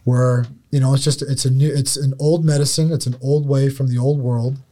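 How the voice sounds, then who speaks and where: Male podcast co-host, mid-pitched voice, halting and musing. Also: little pitch movement, warm tone. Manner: musing, halting, many restarts. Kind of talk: casual podcast chat.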